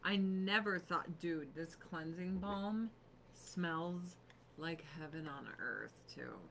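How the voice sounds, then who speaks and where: A woman's voice: lowish voice, slow pace, gravelly, slight background noise. A woman hosting a casual beauty livestream from her home, chatty, laughing often and swearing casually. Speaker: livestream host selling beauty products. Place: home on a snowy mountain.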